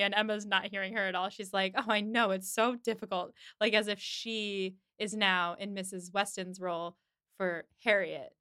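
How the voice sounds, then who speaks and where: A woman's voice: medium pitch, bright, forceful tone, clean tone, no echo, studio quality. A woman hosting a casual podcast chat, animatedly retelling a TV episode and acting out the characters' lines. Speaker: podcast host.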